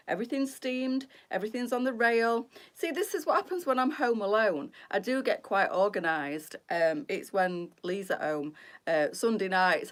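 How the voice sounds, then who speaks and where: A middle-aged woman, hosting a casual live stream and chatting with her viewers, greeting them by name and rambling freely. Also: on the low side.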